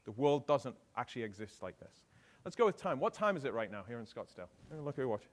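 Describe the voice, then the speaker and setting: Lively British man giving a keynote. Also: mid-range voice, fast. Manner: lively, asks the audience questions. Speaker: keynote speaker. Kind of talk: conference keynote talk.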